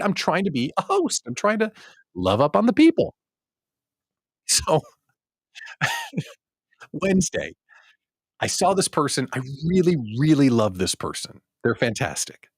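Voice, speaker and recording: A man's voice: fairly high pitch, wildly swooping pitch, a little slow, pauses often, no echo. A man hosting a small business show, telling stories in a casual, self-mocking way and acting out his own past thoughts. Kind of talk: casual livestream monologue.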